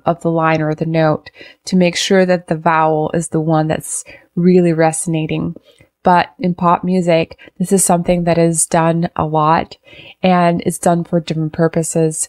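A woman's voice: fairly low pitch, a little mellow, no room sound, studio quality. A woman vocal coach reacting to a performance, analyzing technique and singing short phrases to demonstrate. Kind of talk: reaction video commentary.

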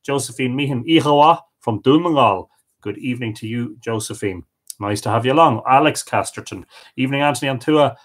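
A man's voice: mid-range voice, fairly quick. An Irish man hosting a live stream, reading out viewer comments and greeting each person, sometimes stumbling over unfamiliar names. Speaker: host of a live storytelling stream.

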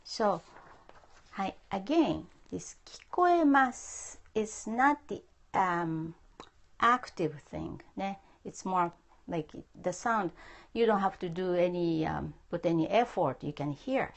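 A woman teaching a live-streamed language lesson. She speaks slowly and patiently, repeating words for her viewers, with a gravelly edge to her voice. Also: fairly low pitch, expressive. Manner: patient, repeats phrases, mixes English and Japanese. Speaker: Japanese teacher. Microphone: phone.

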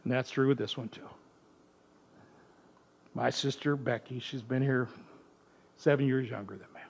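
A man preaching a sermon in a church, telling a family story with lively acted-out voices. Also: medium pitch, moderate pace, gravelly, pauses often, breathy edge, lo-fi sound. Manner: animated storyteller acting out voices. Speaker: pastor.

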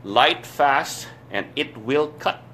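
Host type, male, keen and chatty, middle pitch, light background noise. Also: lively intonation, slow, bright, forceful tone. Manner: enthusiastic, explains blades in detail. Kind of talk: casual chat. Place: Florida.

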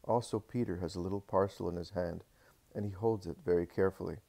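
Brief: male audiobook narrator, very low and gravelly, steady solemn reading. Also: quick pace. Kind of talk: scripted narration of a religious text.

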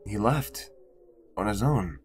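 A man's voice: on the low side, expressive, takes it slowly, husky, exaggerated voice. A man reading the lines of a weary young man in a game who doubts his search. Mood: resigned. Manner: subdued, resigned.

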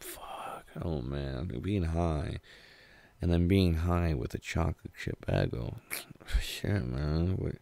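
A young man with a very low, gravelly voice tells a rambling story in a laid-back way, swearing freely. The recording is close and dry, with no room sound. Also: darkish tone, no room sound. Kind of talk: casual storytime.

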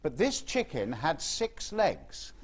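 A man's voice: fairly high pitch, huge pitch swings, slow, slightly rough. A man telling jokes as a guest on a quiz show. He puts on voices for his characters and chuckles at his own punchlines. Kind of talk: anecdotal joke telling.

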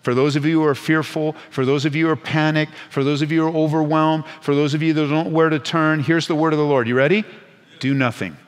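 A man preaching as a pastor at a Bible study, moving between hushed, intimate lines and loud, urgent exhortation, with playful asides. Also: a little high, steady tone, fast talker, in a large hall. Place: church sanctuary.

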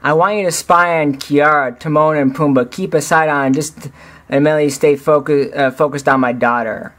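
A man's voice: a little high, steady tone, moderate pace, a bit bright, lightly acted. A man voicing a protective male lion king, earnest and fatherly, in a storybook reading.

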